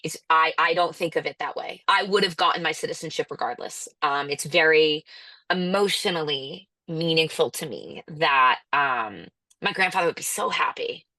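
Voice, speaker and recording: A woman's voice: low voice, moderate pace, dry recording. A young woman with an American accent, a musician guest chatting in an interview, acting out other people's lines in playful voices. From United States. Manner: animated, acts out quoted people in playful voices. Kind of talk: casual interview chat.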